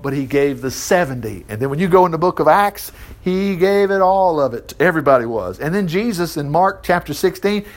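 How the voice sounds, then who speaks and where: A man preaching a sermon, reading scripture aloud and stopping to comment on it. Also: fairly high pitch. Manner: animated, reads verses and breaks in with asides. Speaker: Baptist preacher.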